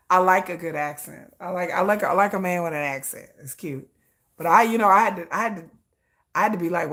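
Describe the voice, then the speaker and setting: A woman hosting a casual pop-music commentary show, talking in a gushing, excitable way with frequent restarts. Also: fairly low pitch, fast talker. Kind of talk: casual chat.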